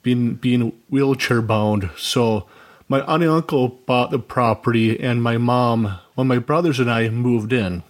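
A man's voice: medium pitch, a little slow. Earnest rambling male radio caller. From Minnesota. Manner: earnest, rambling, with many asides. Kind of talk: phone-in storytelling.

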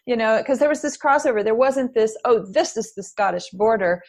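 A middle-aged woman being interviewed as an author, chatting in a lively, storytelling way and laughing often. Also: fairly high pitch, a little fast. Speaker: guest author. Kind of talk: casual interview chat.

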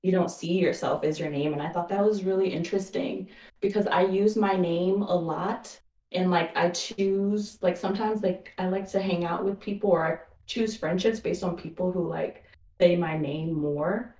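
A woman's voice: on the low side, moderate pace, dark tone. A woman calling into a podcast, speaking earnestly with many ums and likes. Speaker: caller. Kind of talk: casual chat on a call-in. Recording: distant echoey call-in audio.

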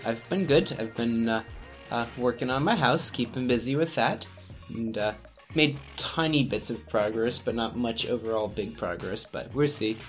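Man, podcast host, casual, chuckling, mid pitch. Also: moderate pace, soft background music. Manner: relaxed, chuckling, with frequent restarts. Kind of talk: casual chat.

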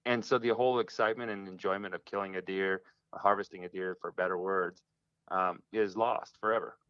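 A man's voice: deep voice, steady tone, a little fast, clear, resonant tone, dry recording. A man talking as a guest in an interview, earnest and reflective, often restarting his sentences, over a phone line. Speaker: hunting guest. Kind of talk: casual interview talk. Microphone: phone call.

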